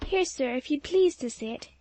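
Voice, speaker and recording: A woman's voice: high-pitched, lively intonation, normal speed, a little mellow, voice pushed up. A woman reading an audiobook, voicing a humble, tearful poor widow who speaks apologetically.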